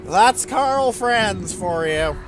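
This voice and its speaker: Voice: medium pitch, expressive, very slow. A let's-play host talks through a strategy game in a casual, wry way, the voice swinging widely up and down. When something goes wrong, the talk turns into incredulous, repeated questions. Faint game music plays underneath. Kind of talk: casual gameplay commentary.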